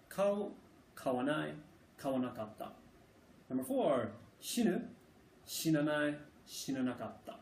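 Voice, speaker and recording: A man teaching a casual language lesson, relaxed and full of fillers, repeating words slowly for learners. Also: on the high side, slight background noise. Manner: frequent fillers like okay and uh. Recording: echoey room, mic at a distance.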